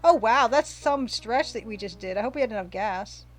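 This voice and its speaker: A woman's voice: fairly high pitch, animated, moderate pace, faint music behind. A woman casually commenting while streaming a retro game, chatting, reading viewer comments aloud and gushing over the pixel art.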